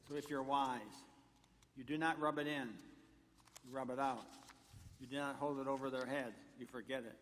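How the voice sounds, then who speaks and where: A man's voice: medium pitch, fairly even intonation, normal speed, a little hiss or hum. A man, a pastor, delivering a sermon in a church, walking through numbered points and telling jokes along the way. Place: church sanctuary. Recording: long church reverb.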